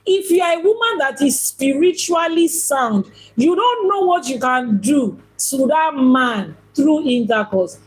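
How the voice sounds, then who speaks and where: A woman's voice: high-pitched, lively intonation, unhurried, hardly any pauses, poor audio. A woman giving a spiritual teaching talk as an Ifá priestess, emphatic and repeating phrases for stress.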